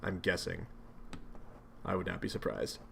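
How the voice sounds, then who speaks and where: A man reading a webcomic aloud and commenting in a chatty, animated way, reacting with surprise. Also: low voice, normal speed, gravelly, slightly rough. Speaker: webcomic reader and host. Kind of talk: casual read-aloud commentary.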